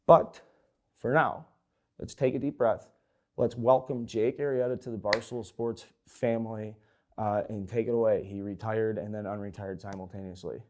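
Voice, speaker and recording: A man's voice: on the low side, fairly even intonation, normal speed, darkish tone. A man hosting a sports talk show, ranting with heavy swearing, short of breath. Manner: profane, heated ranting. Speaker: host.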